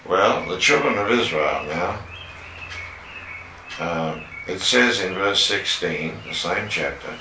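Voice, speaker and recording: A man preaching a sermon, slow and emphatic, pushing up on the key words. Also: low voice, expressive, background noise. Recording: echoey room with faint ambience.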